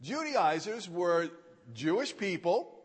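Slow, lively-voiced male preacher in a hall. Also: high voice, slightly rough. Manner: folksy, repeats key phrases for emphasis. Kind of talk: sermon. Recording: long hall reverb.

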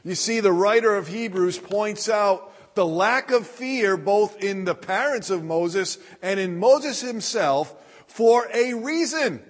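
A man with a high voice preaching a sermon, unhurried and measured as he works through scripture. His words ring out with a long reverb, as if recorded in a large hall. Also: expressive. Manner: deliberate preaching, reading scripture aloud. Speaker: pastor.

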